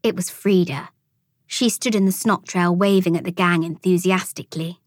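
A woman reading a children's storybook aloud as an audiobook narrator, with expressive storytelling. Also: on the low side, moderate pace, dry recording, studio quality. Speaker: audiobook reader.

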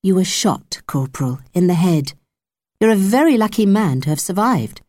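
A woman voicing a young female army nurse, patient but firm and chiding, pitched higher than her narration. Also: lively intonation, normal speed, darkish tone, no echo, studio quality.

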